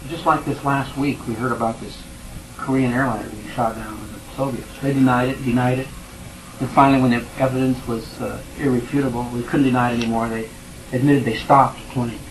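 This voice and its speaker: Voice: mid-range voice, fairly even intonation, fairly quick, noisy background. A Bible class teacher leading a study, who reads scripture, retells it in everyday words and keeps checking in with the class.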